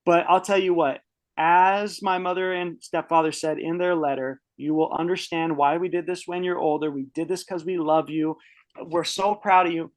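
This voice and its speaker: Pitched a little high, this man's voice keeps a fairly even intonation at a moderate pace. In his early thirties, he's a podcast guest rambling casually through a personal story, cursing freely and restarting many times.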